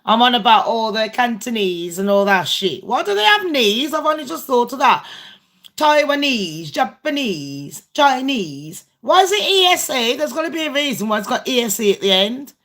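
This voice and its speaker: A woman's voice: fairly high pitch, lively intonation, normal speed, a bit bright. A British woman hosting a casual livestream chat with viewers, talking bluntly, swearing and rambling. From Britain. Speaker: channel host.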